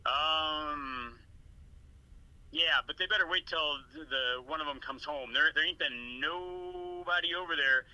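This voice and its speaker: A man's voice: a little high, a little slow, pushed and bright, clear, resonant tone, no room sound, highs cut off. A man calling into a show, joking in crude, slangy casual banter. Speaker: caller.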